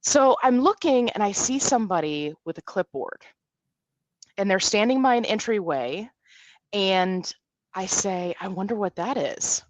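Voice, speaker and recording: Animated woman in her forties telling a story. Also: medium pitch, a little slow, dry recording. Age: 40s. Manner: animated storyteller, acts out quotes. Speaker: guest. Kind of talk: casual storytelling in a podcast interview.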